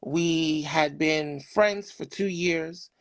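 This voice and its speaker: A middle-aged man from New York City, a podcast guest telling candid personal stories in an animated, emphatic way. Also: on the high side, extremely slow, no room sound.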